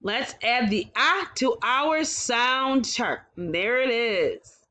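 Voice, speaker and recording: A woman leads a phonics lesson for kindergarteners at a very slow, careful pace, breaking each word into its sounds. Her voice sits a little high, and she praises the children cheerfully after each word. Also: animated, pushed and bright. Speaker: kindergarten teacher.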